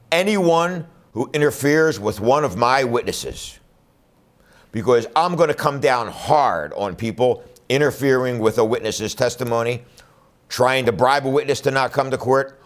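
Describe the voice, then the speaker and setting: A man running for district attorney, speaking bluntly and emphatically in a campaign address. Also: mid-range voice. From Philadelphia area. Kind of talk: campaign speech to camera.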